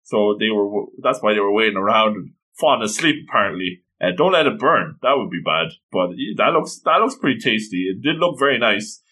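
A man casually reading through a manga chapter, gushing over it and doing quick voices for the characters. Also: lowish voice, animated, sharp tone. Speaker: manga reader and reviewer. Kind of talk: casual read-through commentary.

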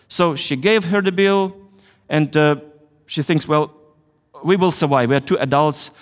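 A middle-aged man from Ukraine with a Ukrainian accent, telling a story in a chapel sermon with earnest pauses and hesitations. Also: on the high side, clear, resonant tone. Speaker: chapel speaker. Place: university chapel. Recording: long hall reverb.

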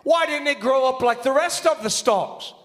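A young man preaching an impassioned sermon in a church, shouting at the peaks and quoting scripture. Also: very high-pitched, normal speed. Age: young adult. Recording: long hall reverb.

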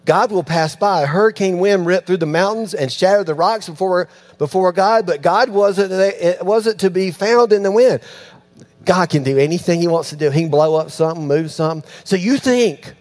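A fairly high-pitched man delivers a sermon with animated storytelling. He acts out the voices of the people he talks about and drops to hushed tones for quiet lines. A faint electrical hum sits under the recording. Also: moderate pace. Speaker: pastor.

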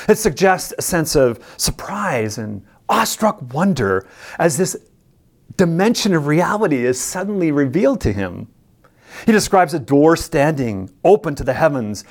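Speaking emphatically and deliberately, a preacher teaches a sermon on scripture, repeating words for stress and putting questions straight to the listeners. The medium-pitched voice is very animated and a little mellow.

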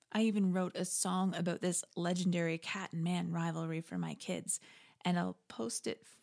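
A woman hosting a reflective faith podcast, talking in a conversational, wry way with animated asides. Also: lowish voice, creaky. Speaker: podcast host. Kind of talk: reflective spoken commentary.

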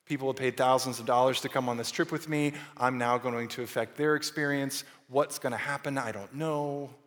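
A man preaching with earnest conviction, at a middle pitch. He pushes some phrases up and drops others to a near hush. His voice rings out with a long, lingering reverb. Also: steady tone, brisk. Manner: earnest, shifting from raised to hushed delivery. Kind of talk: sermon.

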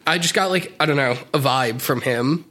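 A man's voice: medium pitch, normal speed, sharp tone. A young man co-hosting a casual podcast, recapping the plot with wry asides. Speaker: podcast co-host. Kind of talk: casual comedic podcast chat.

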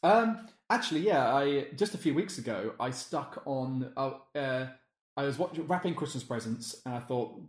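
A man's voice: mid-range voice, lively intonation, normal speed, roomy sound. A man chatting casually on a podcast, rambling and self-deprecating. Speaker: podcast co-host. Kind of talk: casual chat.

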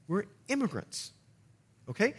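Lively high-voiced Bahamian pastor preaching. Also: male voice, a little slow, husky. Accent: Bahamian, softened by long US residence. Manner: animated preaching with call-and-response to the congregation. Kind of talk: evening church sermon.

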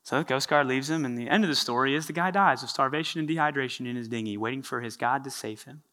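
Male pastor preaching, bright clear voice, chatty animated storytelling. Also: mid-range voice, quick pace. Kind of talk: sermon.

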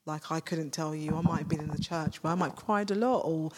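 A woman's voice: deep voice, fast, noisy background. A woman speaking as a podcast guest in a casual talk about faith, searching for words and breaking off her sentences. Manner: searching, self-interrupting, animated when amused. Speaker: podcast guest, ministry leader. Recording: long reverb.

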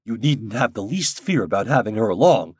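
A man voicing a hearty, bossy older gentleman who teases and boasts loudly. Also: expressive, a little fast, husky, no echo, clean studio sound. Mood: jovial. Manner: booming, boastful, teasing.

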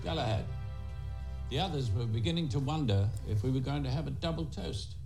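An actor playing an older male spymaster who leads a secret agency, speaking in a formal, measured way. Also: mid-range voice, music in the background, close to an everyday voice. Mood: solemn. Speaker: head of a secret agent organisation. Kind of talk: film dialogue.

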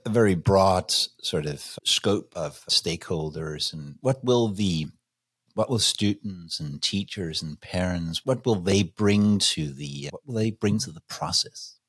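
Male interviewer, low husky voice, dry close sound, halting questions. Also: dry recording. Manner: brief affirmations, stumbling restarts in questions. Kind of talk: interview over call.

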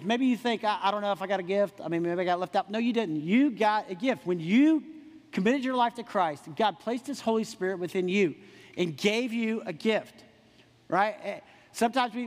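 A man preaching a sermon, animated, with quick asides and rhetorical questions to the congregation. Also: sits high, in a large hall. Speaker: pastor.

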